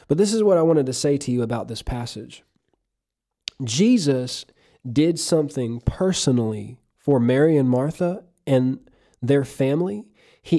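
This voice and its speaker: A man delivering a sermon in an earnest, emphatic way, reading passages of scripture aloud between his own points. His voice is mellow and dark in tone, sitting at a middle pitch. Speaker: preacher.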